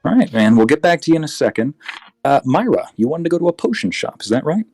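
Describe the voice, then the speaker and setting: A man narrating as game master in a tabletop game, relaxed, with frequent fillers and self-corrections. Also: a little high, fast talker, no room sound, faint music behind.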